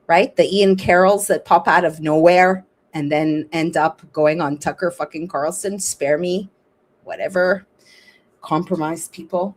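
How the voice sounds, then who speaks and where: A woman's voice: low-pitched, measured pace, faint music behind. A woman podcast host closing her show, talking in a rambling, frustrated way with many restarts. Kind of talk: casual show sign-off and appeal.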